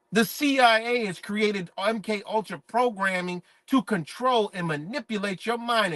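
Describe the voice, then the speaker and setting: A man holds forth in a live-stream monologue, preachy and emphatic, swearing freely. His voice sits a little high for a man. The sound is dry and close. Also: a bit bright, dry recording.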